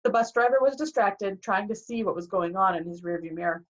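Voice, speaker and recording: A woman reading a novel aloud in a lively way, acting out the dialogue, on a dull lo-fi recording. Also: medium pitch, fairly quick. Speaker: reader.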